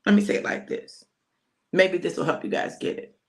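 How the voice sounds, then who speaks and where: Speaking a little fast, a middle-aged woman preaches an informal sermon over a live stream. She is a pastor and prophetic speaker whose style is lively, conversational and preachy, sprinkled with y'all and folksy expressions, and she pushes her pitch high whenever she emphasizes something.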